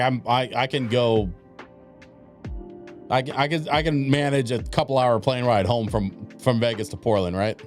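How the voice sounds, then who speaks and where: A man's voice: mid-range voice, darkish tone. A man streaming a game, telling a long casual story in a rambling way, full of fillers and restarts. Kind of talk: casual storytelling while gaming.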